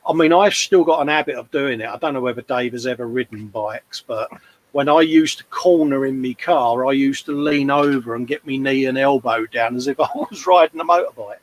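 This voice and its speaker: Speaking briskly at a medium pitch, this East London man in his 50s co-hosts a livestream about model building. He keeps it casual, spinning rambling anecdotes, though the audio is poor.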